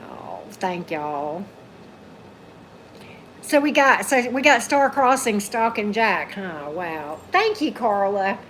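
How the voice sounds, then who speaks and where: A chatty woman hosts a casual tarot livestream from a table at home. Her voice is getting hoarse from long talking, and she reads out viewers' comments and thanks them. Faint room noise sits behind her. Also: big pitch swings, takes it slowly, a bit bright. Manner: chatty, reads out comments, calls her dog in a high coaxing voice. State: going hoarse. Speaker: tarot reader hosting a livestream. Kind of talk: casual live chat with viewers.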